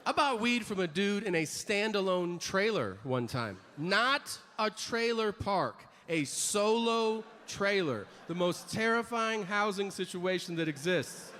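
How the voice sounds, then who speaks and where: Wry stand-up comic man, fairly high voice. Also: animated, unhurried, hardly any pauses, pushed and bright. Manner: crude, wry storytelling with acted quotes. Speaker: stand-up comedian. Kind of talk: stand-up comedy routine. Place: comedy stage before a live audience. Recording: live audience noise.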